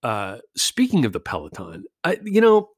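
A man's voice: medium pitch, wildly swooping pitch, moderate pace, slightly rough, no room sound, studio quality. A man in a casual rambling monologue, ranting and self-deprecating, swearing often.

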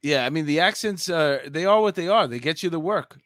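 A man with a thick New York accent, chatting loosely and laughing often. His voice sits a little high for a man. It is recorded close and dry, with no room sound. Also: animated, fairly quick, a bit bright, no echo. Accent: heavy New York. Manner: chatty, laughs easily, many fillers. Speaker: co-host. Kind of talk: casual podcast chat.

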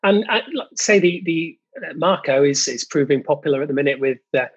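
A man with a touch of huskiness talks about his business in a relaxed interview. His delivery is modest and halting, full of ums and restarts. The recording is dry, with no room sound. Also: on the high side, breathy edge, dry recording, muffled recording. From United Kingdom. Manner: hesitant, many ums, modest. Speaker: guest, jingle company owner. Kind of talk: casual interview chat.

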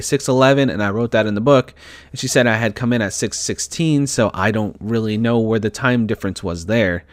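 A young man with a lowish voice tells a personal story straight to the camera, candid and emotional, swearing now and then. The sound is close and dry, with no room echo. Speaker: vlogger telling a personal story. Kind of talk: casual storytelling.

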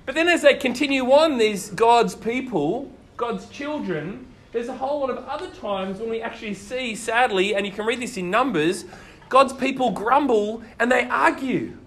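A man preaching a sermon, telling the stories in a lively way and asking his listeners questions. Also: very high-pitched, normal speed. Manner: animated storytelling, asks the listeners questions.

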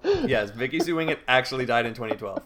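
A man's voice: medium pitch, sing-song, quick pace, a bit bright, a little hiss or hum. A man casually telling a long internet story on a podcast, reading forum posts aloud. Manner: reads forum posts aloud, breaking into laughter.

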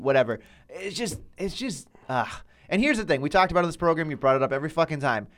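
A man's voice: a little high, expressive, fast talker, few pauses, fairly bright tone. A man co-hosting a casual wrestling podcast, blunt and exasperated, swearing constantly. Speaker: podcast co-host.

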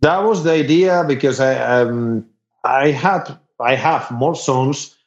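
A man from Spain with a thick Spanish accent, a musician chatting casually, halting and repeating words, laughing often. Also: medium pitch. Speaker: musician guest. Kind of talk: casual podcast chat. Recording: roomy, dull lo-fi recording.

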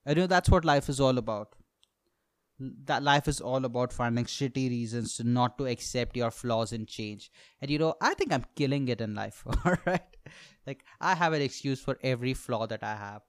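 A man's voice: medium pitch, normal speed, dry recording, studio quality. A man in his twenties hosting a solo comedy podcast, ranting with lots of swearing and laughing at his own jokes. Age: 20s. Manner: profane ranting, laughs at own jokes, sudden loud outbursts. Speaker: podcast host, stand-up comedian.

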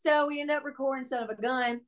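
A young adult woman, a country singer-songwriter, telling stories in a casual interview with animated, exclamatory delivery and acted-out dialogue. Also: sits high, fast.

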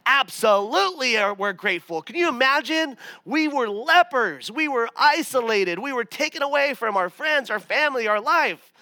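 A man voicing a group of healed former lepers who speak with excited, emphatic exclamations. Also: high voice, a little slow, pauses often, dry recording, heavily acted. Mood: excited grateful. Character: healed former leper men, eager and grateful.

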